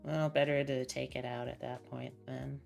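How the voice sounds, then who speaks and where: A low-pitched woman hosts a stream, reading game text in a calm, even way and chatting between passages. Her voice carries a gravelly fry, with soft music in the background. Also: normal speed. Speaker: streamer host. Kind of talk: reading game text aloud and casual chat.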